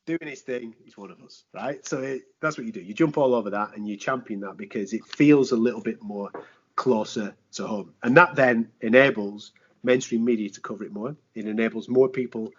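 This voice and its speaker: A man, a sports presenter, chatting on a podcast in a lively way, with rhetorical questions, slang and swearing. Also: mid-range voice, brisk, husky. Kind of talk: casual podcast chat. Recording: dull lo-fi podcast audio.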